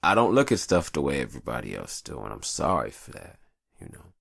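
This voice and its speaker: Low gravelly black dude podcasting alone, cussing, rambly, bouncy up and down delivery. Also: male voice, sing-song, a little fast, fairly bright tone, no room sound, studio quality. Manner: profane, rambling and confessional. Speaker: podcast host. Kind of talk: casual monologue. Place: hot upstairs room.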